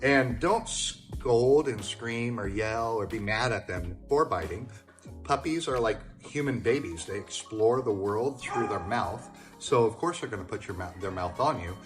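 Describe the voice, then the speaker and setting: A man working as a dog trainer, giving calm, plain-spoken advice to the camera in an even tone, with occasional ums and uhs. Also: lowish voice, measured pace, faint music behind. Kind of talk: instructional talk to camera.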